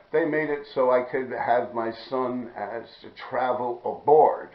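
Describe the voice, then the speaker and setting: Gravelly New man, profane and rambling. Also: mid-range voice, measured pace, hardly any pauses. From New York City. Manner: profane, streetwise slang, keeps clearing his throat. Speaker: vlogger telling a personal story. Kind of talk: rambling personal storytelling. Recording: dull, echoey room recording.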